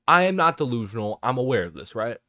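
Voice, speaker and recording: Exasperated, profane man ranting solo to camera; very animated pitch, dry recording. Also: quick pace, no room sound. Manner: exasperated, profane, rambling with restarts. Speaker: sports fan vlogger. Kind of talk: casual ranting monologue to camera.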